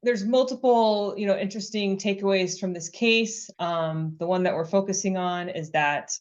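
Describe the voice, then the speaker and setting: A woman on a webinar panel presenting case law, explaining what the court found and reading out its findings. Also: lowish voice. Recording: dull lo-fi webinar audio.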